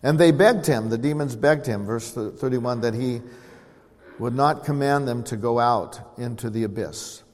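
A man preaching an expository sermon, earnestly explaining scripture and calling on the congregation to respond. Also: normal speed. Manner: swells louder reading scripture, drops low to explain. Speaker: pastor. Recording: long hall reverb.

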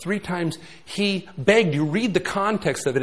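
Animated older man preaching. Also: sits high, measured pace, few pauses. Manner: animated preaching, swinging between loud emphasis and hushed asides. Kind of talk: sermon.

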